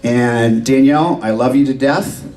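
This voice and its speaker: A man's voice: mid-range voice, a little slow, darkish tone, distant mic, rough recording. A middle-aged man, father of the bride, giving a heartfelt and tearful wedding toast at a reception. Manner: tearful, heartfelt, repeating himself.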